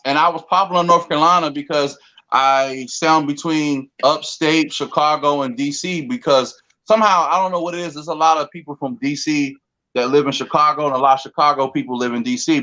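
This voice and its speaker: A man from the DC area, talking in a rambling, animated way in a casual group debate, often repeating words. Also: a little high, fairly quick, low-quality recording. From DC, Maryland, Virginia area.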